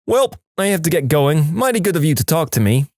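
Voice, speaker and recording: A man's voice: on the high side, very animated, fairly quick, darkish tone, no echo, clean studio sound, pitched above the performer's own voice. A man voicing a chatty, folksy man who is a cousin, in a homespun way.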